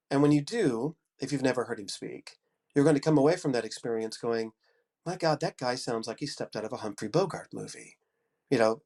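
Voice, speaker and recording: A man in his fifties, an audiobook narrator and coach, gives a conference talk despite a head cold. His mid-range voice comes across as generous, upbeat and encouraging.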